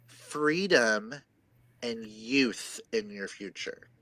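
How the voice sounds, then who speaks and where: A man's voice: medium pitch, lively intonation, very slow, pushed and bright, dry recording, poor audio. A man co-hosting a casual live-stream chat, giving playful, dramatic oracle card readings. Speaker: co-host reading oracle cards.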